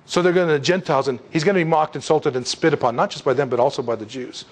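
A man delivers a sermon with rising fervor. His voice sits on the higher side and swells into loud, emphatic peaks before dropping back to quieter asides. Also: quick pace. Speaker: preacher.

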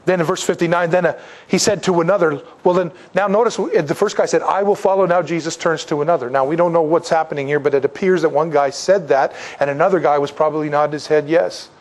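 A man delivers a sermon in a relaxed, conversational way, his voice a little higher than most men's. He slips into the voices of the figures he quotes, rising and falling as he goes. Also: fast talker. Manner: conversational preaching, acts out quoted voices, wide swings in pitch and loudness. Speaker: pastor.

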